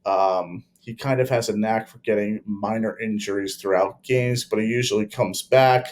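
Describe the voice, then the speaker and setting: A young man co-hosting a casual sports chat, measured and opinionated with many fillers. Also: fairly low pitch, steady tone, slight background noise. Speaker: podcast co-host.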